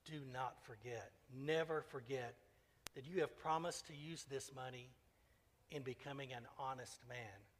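A man voicing a gentle, merciful old bishop who speaks calmly and solemnly. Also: mid-range voice, unhurried, big-room sound, slight background noise, natural voice. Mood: gently solemn. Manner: calm, kindly, solemn.

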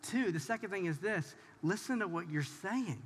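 A man's voice: high voice, lively intonation, normal speed, a little hiss or hum. A man preaching a conversational sermon as pastor, talking straight to the audience in an informal, emphatic way. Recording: long hall reverb.

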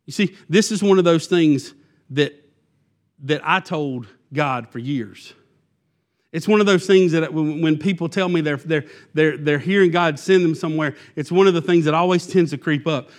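A man's voice: a little high, normal speed. A man preaching a sermon in a loose, conversational way, full of fillers and restarts. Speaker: pastor.

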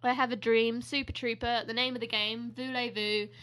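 British woman co-host, bright and slightly high voice, giggly rambling chat. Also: little pitch movement, normal speed. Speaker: podcast co-host. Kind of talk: casual chat.

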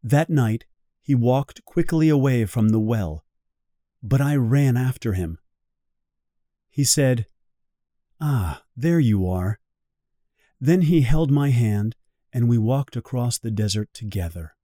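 Man, storybook narration for learners, slow, clear, lively pitch, dry close recording. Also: dry recording. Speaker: reader of a guided English reading.

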